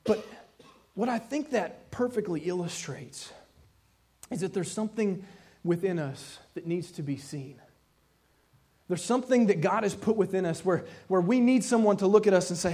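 A man preaching a sermon, telling a story with animated delivery and acting out the voices of the people in it. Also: high-pitched, normal speed. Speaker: pastor.

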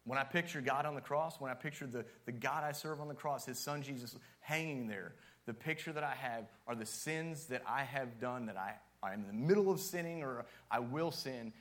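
A man's voice: mid-range voice, a little fast, hardly any pauses, fairly bright tone. A man preaching a sermon as youth pastor, casual and joking at times, with strong emphatic rises.

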